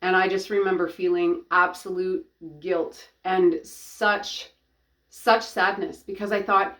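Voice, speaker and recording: A woman's voice: lowish voice, flat delivery, a bit bright. Earnest woman sharing a personal testimony. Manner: earnest, halting, with many restarts. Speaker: ministry founder and coach.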